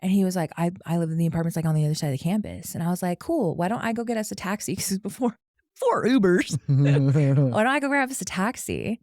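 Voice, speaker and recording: A young woman with a fairly low voice tells a story in frank, casual talk full of swearing and laughter. The sound is close and dry, with no room around it. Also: animated, quick pace, darkish tone, dry recording. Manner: candid, profane, laughing as she tells it. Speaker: podcast guest.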